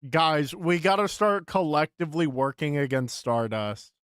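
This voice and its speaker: A man's voice: fairly high pitch, normal speed, a bit bright, smooth, no echo, studio quality. A young man streaming live, chatting casually with his chat, frustrated, swearing and repeating himself.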